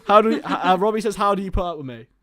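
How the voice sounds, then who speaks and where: Young male streamer, bouncy higher voice, chatty and jokey, dry close sound. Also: expressive, rapid-fire, a bit bright, dry recording. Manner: chatty, jokey, addresses viewers as lads. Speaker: livestream host. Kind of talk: casual football watchalong chat.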